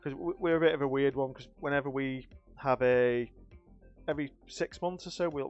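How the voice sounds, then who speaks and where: A man live-streaming a game, chatting casually and emotionally with his viewers, rambling and restarting as he thanks them. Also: mid-range voice. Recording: dull lo-fi stream audio with faint music.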